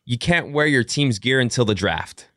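Man, podcast host, energetic, sing-song, dry close mic, mid-pitched voice. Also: normal speed, no echo. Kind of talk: casual sports podcast chat.

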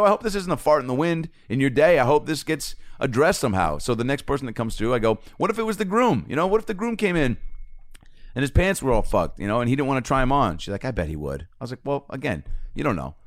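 A man, a comedian and podcast host, telling a casual story in an animated way, swearing freely and acting out both sides of the exchange. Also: lowish voice, no echo, studio quality.

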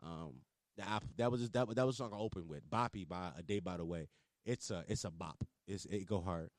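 A man hosting a casual solo podcast, telling stories in a slangy, swearing, animated way and acting out his own hype lines. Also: sits low, brisk, dry recording, studio quality. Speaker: podcast host. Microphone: podcast microphone.

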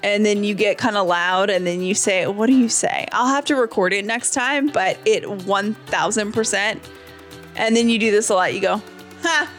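A woman co-hosting a casual podcast, teasing and animated, with many fillers. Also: medium pitch, moderate pace, soft background music. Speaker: podcast co-host. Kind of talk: casual chat.

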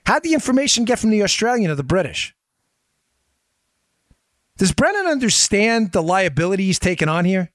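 Guy doing a fired-up political podcast rant, slightly high voice, dry close mic. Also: big pitch swings, fairly bright tone, no room sound. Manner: emphatic, rapid rhetorical questions to listeners. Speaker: podcast host. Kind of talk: political commentary monologue.

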